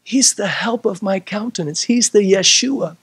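A man's voice: high-pitched, lively intonation, a little slow, a bit bright, breathy edge, no echo. A middle-aged man preaching a sermon as pastor, quoting scripture in old-style wording and rising to emphatic bursts. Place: church sanctuary.

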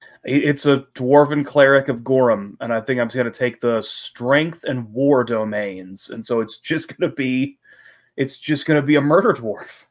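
A man's voice: mid-range voice, normal speed. Eager rambling man at a game table. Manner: eager, rambling explanations with restarts. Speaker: player. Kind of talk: casual chat at a game table.

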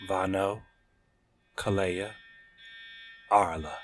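A man narrating a story in a measured, deliberate reading style. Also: lowish voice, steady tone, soft background music. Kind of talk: scripted audiobook narration.

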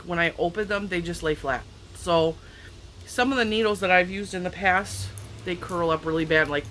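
A woman's voice: medium pitch, fairly bright tone, a little hiss or hum, rough recording. A woman crafting vlogger chatting casually and emotionally in a back yard, laughing often and getting teary. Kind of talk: casual chat.

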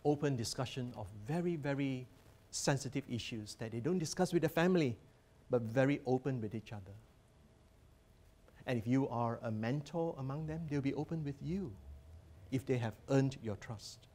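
A man's voice: mid-range voice, normal speed, dark tone. A man presenting a teaching workshop as a professor, earnest and emphatic as he guides listeners through slides.

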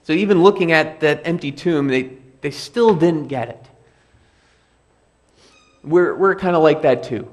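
A pastor giving a sermon in a church, speaking conversationally and repeating key phrases for emphasis. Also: male voice, on the high side, a little slow, pauses often. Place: church sanctuary.

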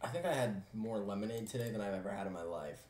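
A man's voice: lowish voice, fast. Mumbling young guy in an echoey room. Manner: quiet, mumbling, deadpan complaints. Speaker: streamer. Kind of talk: casual live-stream chat. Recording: echoey room with background noise.

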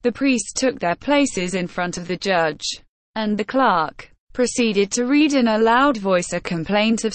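A woman narrating a classic novel as an audiobook in a slow, measured reading. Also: medium pitch, no room sound. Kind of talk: scripted narration.

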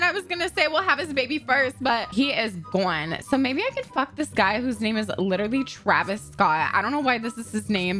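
A woman's voice: fairly high pitch, sharp tone. Bubbly, crude young woman gaming. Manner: bubbly and crude, swears a lot, with sudden squeals and gasps. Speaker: gaming YouTuber. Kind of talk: casual gameplay commentary.

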